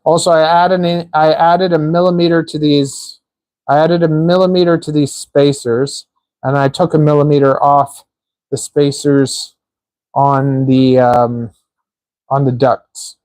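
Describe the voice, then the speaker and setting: A man's voice: fairly high pitch, level tone, unhurried, a little mellow, no echo. A man hosting a live stream, chatting casually and joking while he assembles small parts, rambling with lots of filler words. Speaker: livestream host building a drone.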